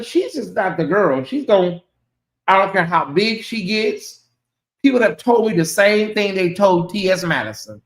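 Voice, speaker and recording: Man hosting a livestream, chatty, animated, fairly high voice, roomy echo. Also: moderate pace. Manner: chatty, animated, reacts aloud to comments. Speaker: channel host. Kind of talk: casual livestream chat reading chat messages.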